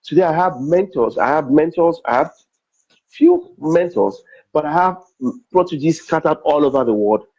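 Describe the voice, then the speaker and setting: Telling personal stories in an interview, a middle-aged Nigerian-accented comedian and MC acts out dialogue and repeats phrases for emphasis. His voice is on the high side, very animated at normal speed, darkish and slightly rough, captured in a dull, slightly lo-fi recording.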